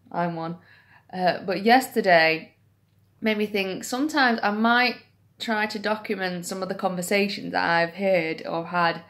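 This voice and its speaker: A young woman vlogs to camera with a lowish, creaky voice, telling an anecdote in a chatty, self-deprecating way as casual storytelling.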